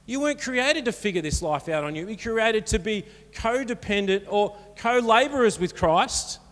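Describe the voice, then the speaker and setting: This pastor's voice sits high and is fairly bright, moving expressively at an ordinary pace. Speaking in a church hall with audible reverb, he delivers his sermon in an earnest, encouraging, conversational way.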